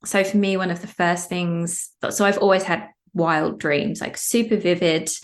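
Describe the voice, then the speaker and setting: A woman's voice: on the low side, fairly even intonation, measured pace. A woman talking as a podcast guest in a casual conversation, candid and down to earth, swearing casually.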